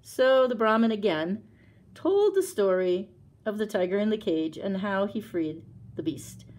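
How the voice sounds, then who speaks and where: A librarian reading a picture book aloud for children, with chatty asides about the pictures. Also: female voice, medium pitch, lively intonation, unhurried. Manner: chatty asides with soft laughs. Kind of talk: storytime read-aloud.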